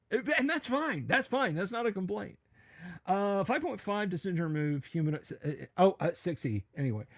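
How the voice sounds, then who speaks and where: A man hosting a livestream who chats casually with viewers and goes into opinionated, animated rants with stammered restarts. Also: high voice. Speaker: livestream host. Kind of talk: casual chat reading viewer comments.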